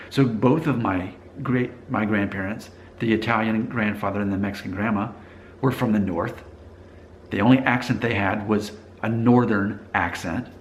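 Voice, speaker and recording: A man's voice: lowish voice, slight background noise. A man vlogging in a conversational, explanatory way, thinking aloud and restarting sentences as he goes. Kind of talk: casual talking-to-camera monologue.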